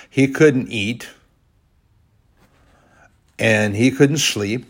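A man preaching a sermon, retelling a Bible story and reading scripture aloud, rising to loud bursts and dropping to quiet, slow lines. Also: on the low side. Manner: reads scripture in old-fashioned phrasing.

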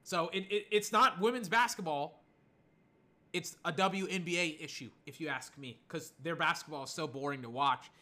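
Bright-voiced chatty young man podcasting. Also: on the high side, moderate pace. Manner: chatty, digressive, excitable with loud outbursts. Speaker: podcast host. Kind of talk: casual solo podcast rambling.

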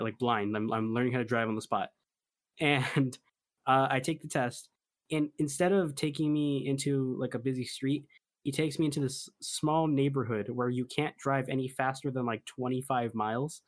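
Young male podcast co-host, loose and jokey, easy rambling delivery. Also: mid-range voice. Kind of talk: casual chat.

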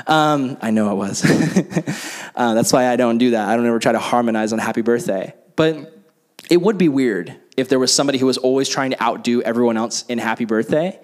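Casual young male youth preacher. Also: mid-range voice. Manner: casual, filler-heavy preaching with many "like"s. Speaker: youth pastor. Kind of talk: sermon with closing prayer.

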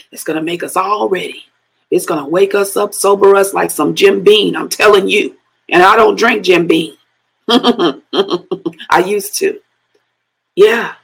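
Slow gravelly-voiced woman preacher. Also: medium pitch, low-quality recording. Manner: breaks into speaking in tongues, laughs between phrases. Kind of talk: sermon.

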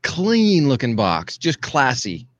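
A man's voice: medium pitch, wildly swooping pitch, takes it slowly, dry recording, highs cut off. A man hosting a live stream, easygoing and upbeat, welcoming viewers and keeping things moving. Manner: easygoing, upbeat, runs the show. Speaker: host. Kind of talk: casual live-stream chat.

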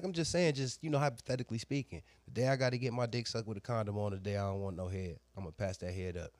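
A man, a barber, casually telling a crude story with lots of slang and voiced quotes, animated and loud at times. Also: fairly low pitch, quick pace, few pauses, dry recording.

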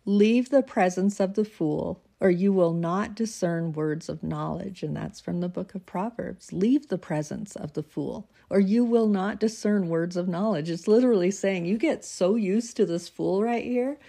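A woman's voice: lowish voice, moderate pace, creaky, hardly any pauses, mellow. A woman reading devotional notes and scripture aloud, then chatting about them loosely and laughing at herself. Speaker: devotional reader. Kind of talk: casual devotional reading and commentary.

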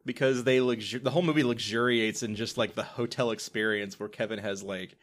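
A man with a somewhat low voice chatting casually about a film with friends. He laughs mid-sentence and trips over his words, restarting and hedging as he goes. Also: fairly even intonation, fairly quick. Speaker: podcast co-host. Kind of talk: casual movie chat.

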